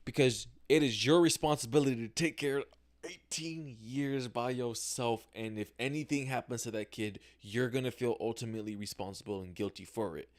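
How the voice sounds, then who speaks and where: A man's voice: mid-range voice, moderate pace. A young man hosting a casual solo livestream podcast, talking candidly into a camera with slang and swearing, often acting out his own reactions. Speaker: podcast host. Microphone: camera mic, talking to camera.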